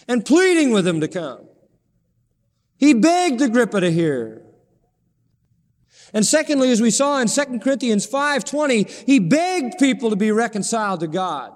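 Impassioned high-voiced male preacher. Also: long reverb tail. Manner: impassioned, pleading preaching with sudden rises and drops. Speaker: pastor. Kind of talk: sermon.

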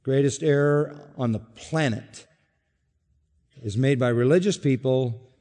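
A man's voice: mid-range voice, measured pace, warm tone, in a large hall. A man preaching a sermon, emphatic and insistent, repeating key phrases for weight. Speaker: pastor.

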